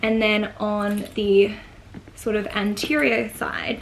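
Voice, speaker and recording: A woman's voice: medium pitch, flat delivery, takes it slowly, vocal fry, a little hiss or hum. A woman with an Australian accent chatting through a casual unboxing vlog at home, gushing and filling her talk with likes and ums. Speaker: vlogger.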